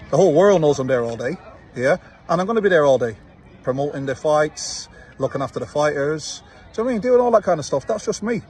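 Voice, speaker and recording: A man from Manchester with a Manchester accent, a fight promoter recording a confrontational reply video outdoors and taunting with repeated "yeah?". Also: a little high. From Manchester, England. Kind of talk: direct-to-camera reply video. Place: outdoors, watching football.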